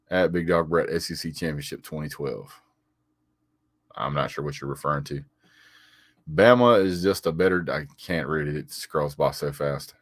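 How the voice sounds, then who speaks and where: A man's voice: a bass voice, no echo. A man doing a casual live stream, reading viewers' comments aloud and answering them with frequent "sir"s, little chuckles and stammered repeats. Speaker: sports vlogger reading live chat.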